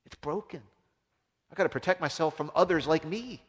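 A man preaching a sermon as a pastor, impassioned, swinging from loud emphasis down to hushed, low tones. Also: brisk, breathy edge. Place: church. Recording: long reverb of a large hall.

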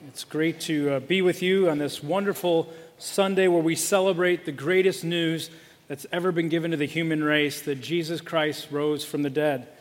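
High-voiced male pastor preaching. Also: moderate pace, in a large hall. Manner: storytelling, lively, with fillers. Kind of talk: sermon.

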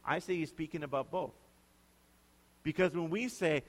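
A man's voice: on the high side, moderate pace. A male pastor preaching a sermon in a conversational, emphatic way, often putting questions to his listeners. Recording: long hall reverb.

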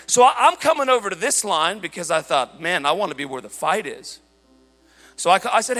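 A man preaching a sermon, telling a story in an animated way and shouting at the high points. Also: brisk. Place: church hall. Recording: large hall reverb with faint music.

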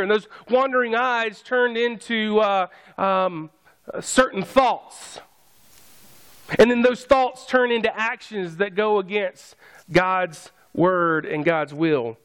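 A man's voice: high-pitched, fairly bright tone, smooth. A man preaching a sermon, conversational and joking with his congregation. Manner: conversational, jokey asides to the congregation. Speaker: pastor.

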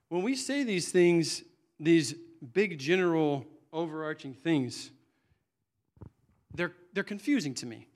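Middle-aged male preacher, earnest and conversational, slightly high voice, stumbles and restarts mid-thought. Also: lively intonation, moderate pace. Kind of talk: sermon.

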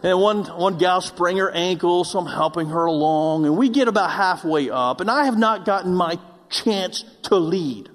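A man's voice: high voice, moderate pace. A man preaching a sermon, telling a personal story with self-mocking humor before turning to earnest exhortation of the congregation. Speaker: pastor. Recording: long hall reverb.

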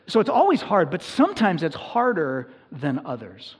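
A man's voice: fairly high pitch, wildly swooping pitch, moderate pace, slightly rough. A man preaching a sermon to his congregation in a church, in an earnest, conversational manner that builds in intensity. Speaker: pastor. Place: church sanctuary.

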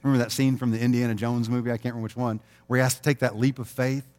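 Middle-aged man, pastor, easygoing sermon delivery at a middle pitch, brings stories to life with quick quoted voices. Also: little pitch movement, a little mellow. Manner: conversational, plays out little scenes in quoted voices.

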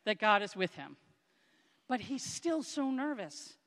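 A woman's voice: big pitch swings, unhurried, a bit bright. Woman preaching a chatty sermon in a hall. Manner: conversational and self-deprecating, with asides; acts out quoted speech with raised pitch.

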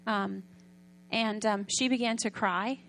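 A woman preaching a sermon in a conversational storytelling way, often asking the audience questions and sometimes dropping soft and quiet. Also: medium pitch, fairly even intonation, slow, slight background noise.

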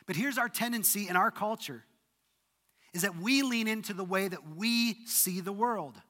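A man preaching in a sermon, his voice high and bright. He retells the story with sweeping rises and sudden hushed drops, and long reverb trails after him as in a large hall. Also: moderate pace. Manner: dramatic retelling, voice rises and drops to near whisper. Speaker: pastor.

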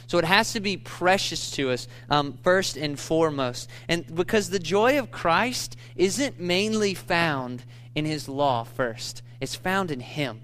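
A man's voice: fairly high pitch, animated, moderate pace, fairly bright tone. A man preaching a sermon, earnest and repetitive, building emphasis on his main points. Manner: earnest, repeats key phrases for emphasis, rises in intensity on main points. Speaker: pastor.

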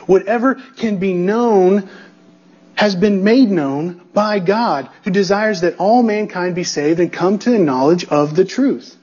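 A man's voice: high-pitched, unhurried, a little mellow, slightly rough, muffled recording. A male pastor preaching an expository sermon, emphatic and building through repetition, checking in with the congregation.

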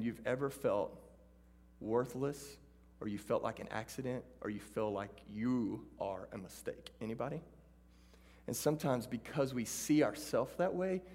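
A man with a Texan accent preaching a sermon to students, animated, moving from loud calls to the audience to hushed storytelling. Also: mid-range voice, moderate pace. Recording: hall reverb.

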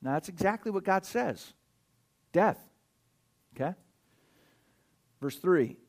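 Male preacher, slightly high voice, emphatic sermon delivery with loud stresses and soft asides. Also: lively intonation, takes it slowly, pauses often. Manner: emphatic, swings between loud stresses and quiet asides, checks in with listeners. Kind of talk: sermon with scripture reading.

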